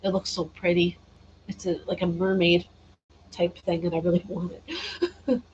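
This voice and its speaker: A woman's voice: lowish voice, big pitch swings, measured pace, darkish tone, highs cut off, a little hiss or hum. A tired woman chatting casually on a gaming livestream, reading and answering viewer comments and laughing often. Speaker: gaming streamer.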